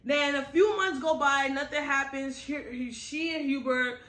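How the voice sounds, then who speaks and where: Blunt, animated woman reviewing a book. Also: high voice, measured pace. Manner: animated, blunt, slangy storytelling with frequent asides. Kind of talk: casual book review recap.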